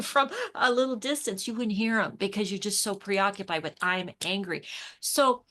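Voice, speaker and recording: A middle-aged woman, an author and intuition coach, chats in a casual spiritual interview, enthusiastically telling stories and acting out the exchanges she quotes, often repeating and restarting words. Her mid-range voice is a little fast and a bit bright.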